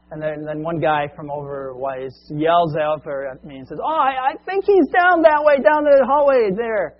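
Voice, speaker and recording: Husky-voiced man preaching a story. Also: on the high side, highs cut off. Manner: storytelling, animated and conversational. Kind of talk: sermon with a told story.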